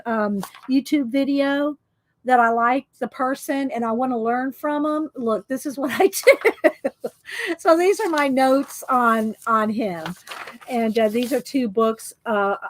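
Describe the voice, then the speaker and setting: A woman with a slightly high voice talks in a loose, rambling way, full of ums and self-corrections. It sounds like casual show-and-tell chat to viewers. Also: no echo. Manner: rambling, chatty, many fillers and restarts. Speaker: art book vlogger.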